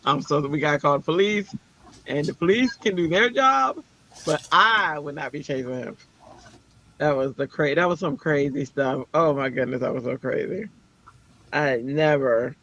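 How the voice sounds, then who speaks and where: A man telling a story in an animated, dramatic way, jumping into the voices of the people he quotes. His voice is fairly high and sharply bright. The sound is dull and lo-fi. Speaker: co-host of a crafting livestream. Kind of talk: casual storytelling chat.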